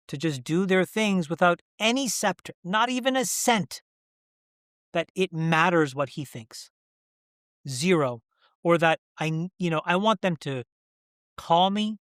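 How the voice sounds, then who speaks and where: Middle-aged guy, interview guest, kinda high voice, pushy rhetorical questions. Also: lively intonation, a bit bright, clean tone, dry recording, studio quality. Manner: emphatic, repeats rhetorical questions, halting when emotional. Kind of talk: candid interview conversation.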